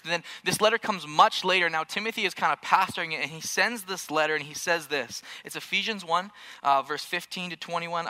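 A man's voice: on the high side, bright, forceful tone. A man in his thirties preaching to a church congregation, with jokey storytelling and questions to the room. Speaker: pastor. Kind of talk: sermon. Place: church auditorium.

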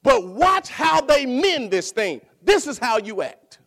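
Animated, gravelly-voiced preacher man. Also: very high voice, takes it slowly. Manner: animated, call-and-response questions, bursts of shouting. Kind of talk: sermon.

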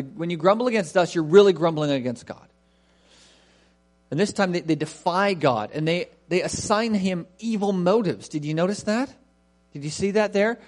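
Pastor guy preaching earnestly, voice a bit on the high side, keeps asking the room questions. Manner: earnest, asks the congregation questions. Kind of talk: sermon.

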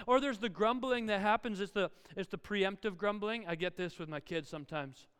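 A man preaching a sermon, telling funny stories about his family in an animated, self-deprecating way. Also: sits high, brisk, clean tone, big-room sound. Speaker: pastor.

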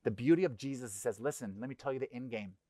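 A middle-aged man preaching a sermon in a conversational, animated way, acting out little voices. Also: mid-range voice, quick pace, dry recording, clean studio sound. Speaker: pastor. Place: church.

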